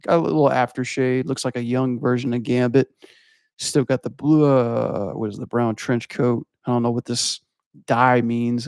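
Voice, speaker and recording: Gravelly young man, excitable casual reaction host, dry close mic. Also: medium pitch, no room sound. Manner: excitable, swears casually, thinks aloud. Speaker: animation breakdown host. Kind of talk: casual trailer reaction commentary.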